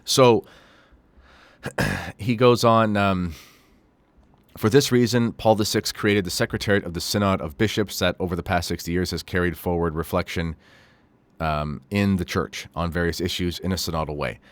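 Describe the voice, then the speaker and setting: A man's voice: sits low, fairly even intonation, normal speed, dry recording. A man hosting a commentary show, reading quotes aloud and adding critical, sarcastic remarks with frequent fillers. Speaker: host.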